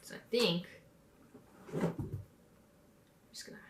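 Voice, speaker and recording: A woman's voice: slow pace, background noise. A woman vlogger chatting casually and poking fun at herself while she works on a craft project. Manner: chatty and self-deprecating. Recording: roomy, from a distance.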